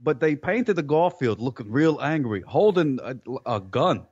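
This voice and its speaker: A man of middling pitch riffs as a police officer in an improvised comedy chat, deadpan and rambling. His voice is dry and close, with a dull, slightly muffled sound. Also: normal speed, husky, dry recording. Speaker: comedy podcast host.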